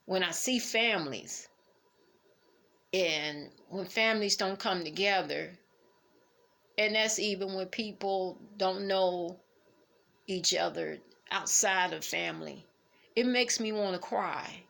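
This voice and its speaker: A middle-aged woman, speaking haltingly and emotionally as she reflects on family in a personal vlog. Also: mid-range voice, vocal fry, a bit bright. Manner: emotional, halting, fighting back tears. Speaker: vlogger.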